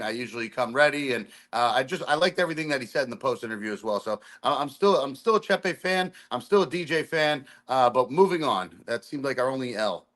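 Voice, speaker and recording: Halting, stumbling male co-host. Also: mid-range voice, a bit bright. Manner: halting, with many fillers and restarts. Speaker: podcast co-host. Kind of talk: casual podcast chat.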